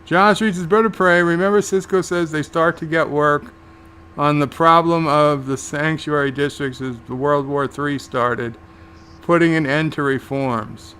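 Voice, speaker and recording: A man's voice: a little high, steady tone, unhurried, fairly bright tone, a little hiss or hum. A man hosting a live watch-along, casually recapping scenes and paraphrasing the characters' lines. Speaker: show host and reviewer.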